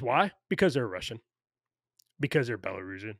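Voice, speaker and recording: Bright-voiced guy ranting on a podcast, lots of um and you know, super dry sound. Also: medium pitch, animated, fast, no echo. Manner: ranting, profane, many fillers. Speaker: podcast co-host. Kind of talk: casual opinionated chat.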